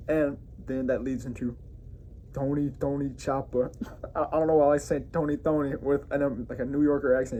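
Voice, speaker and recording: A man's voice: a little high, mellow, a little hiss or hum. A man hosting his own review show, giving a loose, casual recap of an episode with frequent self-corrections and enthusiastic asides.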